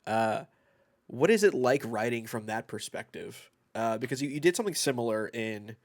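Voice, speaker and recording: A man's voice: medium pitch, expressive, moderate pace. A man co-hosting a comics podcast, eagerly asking a guest long, winding questions. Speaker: podcast co-host. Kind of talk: casual interview chat.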